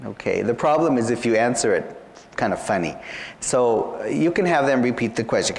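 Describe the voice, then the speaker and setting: A man's voice: medium pitch, lively intonation, moderate pace, gravelly. A man tutoring students for an interview exam, explaining each point patiently and often saying "you know". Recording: long hall reverb.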